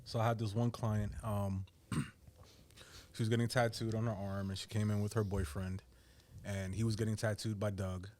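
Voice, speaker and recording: A man's voice: fairly low pitch, little pitch movement, moderate pace, a little mellow. A man who works as a tattoo artist, telling a profane story in a casual podcast chat.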